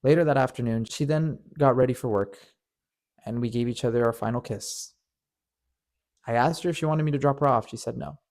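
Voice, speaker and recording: A storyteller and channel host with a mid-range, slightly mellow voice speaks a little fast as he narrates a painful personal story. He is earnest and emotional, often stammering and repeating words.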